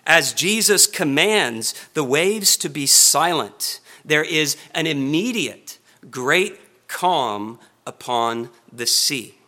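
Guy preaching, earnest and bright, kinda higher voice, shifts pace for emphasis. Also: lively intonation, takes it slowly. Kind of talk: expository sermon.

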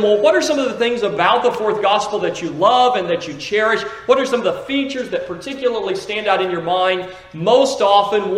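Male preacher, high voice, emphatic sermon, echoey church room. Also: fairly bright tone. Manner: emphatic preaching with slips and restarts. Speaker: pastor. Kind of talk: sermon with scripture reading.

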